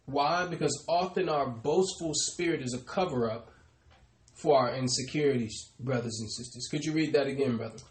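A man preaching a sermon, calling out "brothers and sisters" and slowing down to stress key words. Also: mid-range voice, echoey room. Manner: addresses "brothers and sisters" often, trailing off softly. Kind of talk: sermon with scripture call-and-response.

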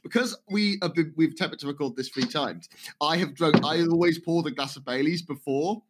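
A man's voice: fairly high pitch, brisk, heavy background noise. A man chatting casually on a podcast, rambling and insisting hard when he argues a point. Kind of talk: casual chat.

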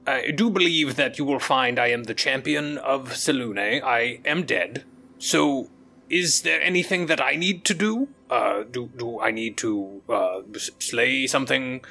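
Polite, formal cat-folk adventurer, voiced by a man in play with a gravelly, bright tone. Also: mid-range voice, unhurried, full character voice. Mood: earnest, puzzled. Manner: formal, courteous, hesitant. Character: proper, polite catfolk male adventurer.

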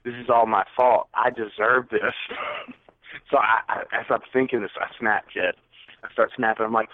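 A man's voice: lowish voice, moderate pace, dry recording. A young man rattles off a story, his voice jumping up whenever he acts out what people said. The sound is thin and phone-like, and very dry with no room around it. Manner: animated, acts out quotes with rising voice. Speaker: podcast co-host. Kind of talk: casual storytelling. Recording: tinny phone-like audio.

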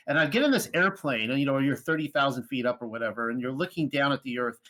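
A man hosting an interview podcast, telling stories in a rambling, animated way with lots of fillers. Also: mid-range voice, quick pace. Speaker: podcast host. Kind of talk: casual conversational interview.

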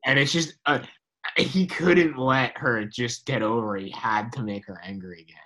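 A man's voice: mid-range voice, normal speed, sharp tone, poor audio. A man co-hosting a podcast, telling stories animatedly, with lots of "like" and "dude" and casual swearing. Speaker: podcast co-host.

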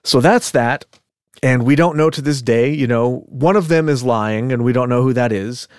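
A man's voice: medium pitch, normal speed, a little mellow, smooth, no room sound, studio quality. A man hosting a podcast in casual, rambling chat, laughing often. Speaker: podcast host.

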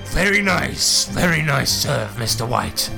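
A man's voice: medium pitch, very animated, measured pace, creaky, music in the background, exaggerated voice. A man voicing a courteous, formal male tennis golem in a tabletop game.

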